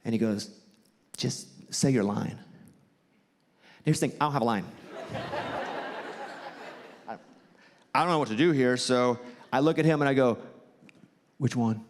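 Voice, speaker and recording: Animated Southern man on a theater stage. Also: measured pace, long pauses, noisy background. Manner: animated, jumps high when acting out quotes. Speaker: comedian and host. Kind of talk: stand-up storytelling to a theater crowd. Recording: live theater with long reverb and faint ambience.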